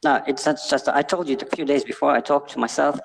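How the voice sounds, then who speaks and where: A man in casual conversation who speaks haltingly, with many hesitant "uh" pauses and restarts. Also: fairly high pitch, steady tone, vocal fry. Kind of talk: casual chat.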